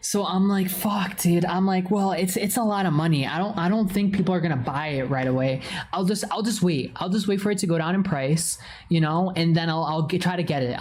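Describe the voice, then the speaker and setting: A woman livestreamer chatting casually with her viewers, swearing constantly and telling a story with big swings in pitch. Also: darkish tone, a little hiss or hum. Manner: greets chat viewers by name.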